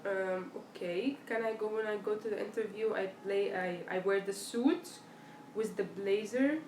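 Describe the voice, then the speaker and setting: Unhurried and medium-pitched, a chatty young live-stream host answers viewer questions in a relaxed Q&A. She acts out quoted dialogue as she tells animated stories, heard in an echoey room with faint background noise.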